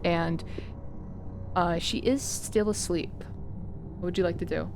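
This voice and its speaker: A woman running a tabletop role-playing game as game master, narrating in a gentle, measured way. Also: on the low side, music in the background.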